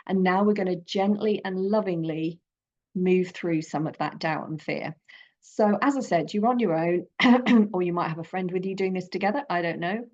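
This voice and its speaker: A woman guiding a creative journaling workshop in a gentle, encouraging, loosely conversational way. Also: fairly low pitch, moderate pace, lo-fi sound. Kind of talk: guided creative workshop talk.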